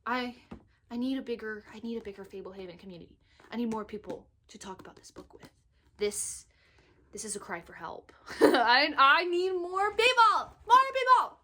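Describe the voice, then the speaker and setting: A young woman rambling excitedly in a casual book review vlog, recorded on her phone. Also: medium pitch, slight background noise. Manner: excitable, gushing, talks in quick bursts with restarts. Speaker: book vlogger. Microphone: phone microphone.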